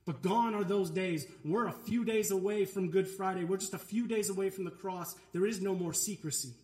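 A man delivers a sermon with earnest, emphatic conviction. His voice sits high for a man, and it carries around a reverberant church sanctuary. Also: moderate pace, darkish tone. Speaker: pastor. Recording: echoey church room.

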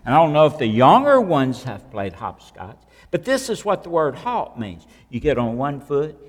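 A man with a fairly high voice preaches to his congregation, leaning on repeated rhetorical questions. His words ring out with the long reverb of a church hall. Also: sing-song, moderate pace, few pauses. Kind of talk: sermon.

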